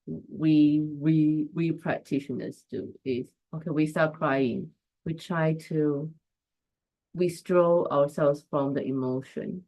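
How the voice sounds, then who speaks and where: A woman's voice: low voice, dark tone. Reflective woman hosting a live stream. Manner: reflective, greeting viewers by name. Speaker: host and coach. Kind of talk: casual live-stream talk.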